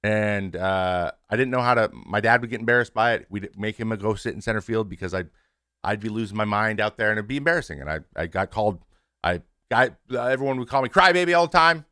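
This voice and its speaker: A man in his thirties, a former pitcher hosting his show, speaking frankly and casually to his stream audience, with swearing and many restarts. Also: brisk, sharp tone, clear, resonant tone, dry recording, clean studio sound.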